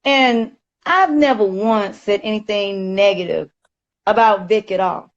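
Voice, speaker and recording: A woman, ranting emphatically on a live stream and growing loud and agitated. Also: mid-range voice, unhurried, dull audio. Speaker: livestreamer. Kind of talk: heated live-stream rant.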